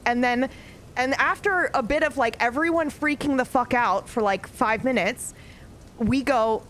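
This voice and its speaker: A woman in her thirties telling a story from her own life in a casual, animated way, swearing freely. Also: high-pitched, a little slow, slight background noise. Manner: animated, swears freely, grows more excited. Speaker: streamer.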